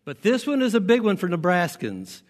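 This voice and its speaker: Male pastor, faint Southern accent, emphatic sermon delivery, mid-high voice, reverberant church hall. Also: huge pitch swings. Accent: faint Southern American. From American South. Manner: emphatic, repeats key lines slowly for weight.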